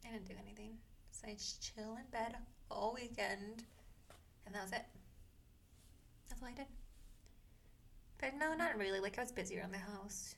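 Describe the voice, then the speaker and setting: A young woman in her twenties co-hosting a podcast, teasing her friend with quick, slangy replies. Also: mid-range voice, gravelly, fairly bright tone, a little hiss or hum. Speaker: podcast co-host. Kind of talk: casual chat.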